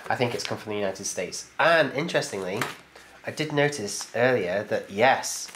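A YouTube host with a lowish, animated voice opens viewer mail on his channel and reads the letters aloud, chatting cheerfully to the camera and laughing often. He speaks at a moderate pace against a noisy background.

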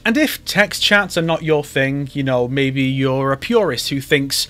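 A man's voice: mid-range voice, measured pace, few pauses, pushed and bright, faint music behind. A man hosting a YouTube video, giving comedic commentary with wry, sarcastic asides. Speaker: YouTuber host.

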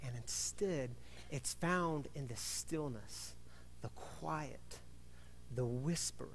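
A male pastor preaching a sermon, telling the story in an animated way and acting out voices. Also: medium pitch, slow pace, slight background noise. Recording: reverberant hall.

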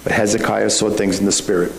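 A man's voice: lowish voice, little pitch movement, quick pace, vocal fry. A male pastor preaching a sermon in a conversational style, full of rhetorical questions. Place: church sanctuary. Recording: echoey room, faint background hum.

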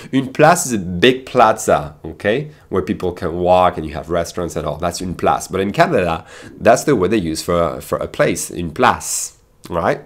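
Brief: French-accented male teacher, lower voice, chatty and animated, laughs easily. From France. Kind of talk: casual video lesson.

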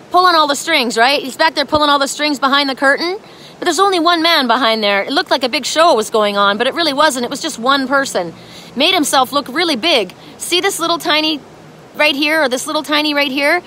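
A woman's voice: sits high, sharp tone, a little hiss or hum. A woman giving a spiritual oracle card reading in a dramatic, emphatic way, with casual swearing.

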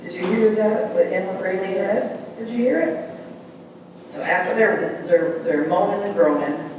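Male pastor preaching, animated call-and-response delivery, slightly high voice, picked up from a distance in a booming church hall with audible room noise. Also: measured pace, lo-fi sound. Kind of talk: sermon. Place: large church sanctuary. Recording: echoey hall from far off.

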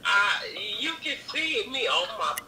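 A woman's voice: on the high side, very animated, measured pace, a crowd in the background. A woman speaking from a distance through a video chat app, answering in a hesitant, giggly way.

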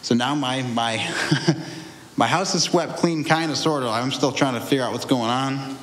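A young man tells his story in a loose, rambling way, circling back and restarting his sentences. His voice sits at an ordinary middle pitch. It echoes in a roomy space with a long reverb tail and faint ambient noise behind it. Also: normal speed, a bit bright. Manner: rambling, restarts often, laughs through hard memories. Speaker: guest sharing a testimony. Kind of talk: candid conversational testimony.

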